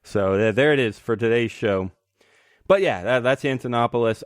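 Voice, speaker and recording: A man hosting a casual podcast, excitable and laughing often as he talks. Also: lowish voice, dry recording, clean studio sound. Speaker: podcast host.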